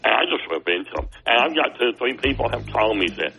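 A man's voice: medium pitch, animated, quick pace, few pauses, pushed and bright, soft background music, low-quality recording. A man from Alabama, calling in to a sports talk show and telling a long, indignant, rambling story. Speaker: radio caller.

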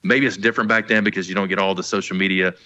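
Deep-voiced former player, rambling and easygoing. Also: male voice, fairly even intonation, rapid-fire, sharp tone, lo-fi sound. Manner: rambling, restarts often, easygoing. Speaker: co-host, former college football player. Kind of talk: casual sports talk.

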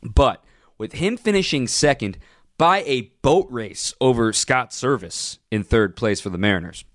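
A man hosting a sports radio show, ranting with opinionated, punchy emphasis and sudden jumps in pitch. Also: expressive, a little slow, no echo, clean studio sound.

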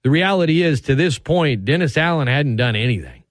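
A man runs a heated sports radio rant, sarcastic and emphatic. His fairly high voice swoops all over as he drives his points home, and the studio sound is close and dry. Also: lively intonation, brisk, dry recording.

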